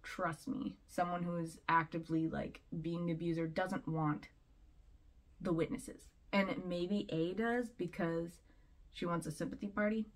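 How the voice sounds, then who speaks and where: A woman's voice: on the low side, steady tone, measured pace. A woman vlogger giving casual commentary, rambling and chatty, often laughing between points.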